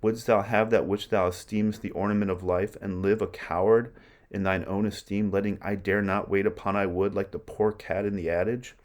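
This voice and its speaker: A man reading aloud as a ruthless, scornful noblewoman who goads her husband, in a slow, deliberate way. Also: on the low side, level tone, natural voice.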